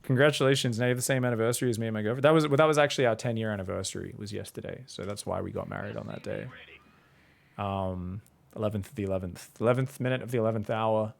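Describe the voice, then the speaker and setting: A man's voice: lowish voice, rapid-fire, gravelly. A man, casually commentating a strategy game and chatting with viewers in a rambling, laid-back way. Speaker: StarCraft coach and streamer.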